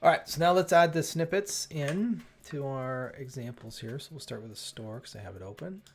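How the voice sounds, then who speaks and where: A man's voice: medium pitch, a little hiss or hum. A man hosting a coding livestream, thinking aloud, often breaking off mid-sentence and exclaiming when something works. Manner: chatty, self-interrupting, quick to exclaim at results. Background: faint background music.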